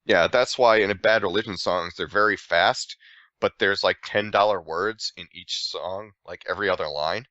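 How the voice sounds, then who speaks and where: A man co-hosting a podcast, chatting casually, riffing and joking with quick self-corrections. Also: deep voice, bright, forceful tone, no echo, lo-fi sound. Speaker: podcast co-host. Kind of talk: casual chat.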